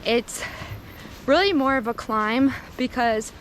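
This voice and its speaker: Young woman, Minnesota-meets-Southern accent, slightly high voice, chatty hiking vlogger, faint outdoor noise. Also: slow pace. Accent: mix of Minnesota and Southern US. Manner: chatty, laughs often. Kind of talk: casual vlog chat on a trail. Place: outdoors on a forest trail.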